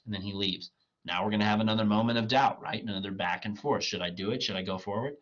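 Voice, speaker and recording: A male professor talking through a play in a relaxed, casual lecture, putting the lines into everyday speech. His husky voice is strained and cracking. The recording is dull and lo-fi. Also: fairly low pitch, quick pace. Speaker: literature professor.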